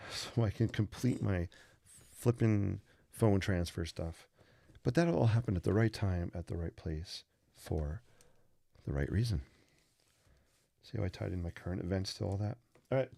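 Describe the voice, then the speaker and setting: A man with a low, creaky, slightly mellow voice hosts a live sketching stream. As he draws and teaches, he chats casually and rambles, tossing in joking asides.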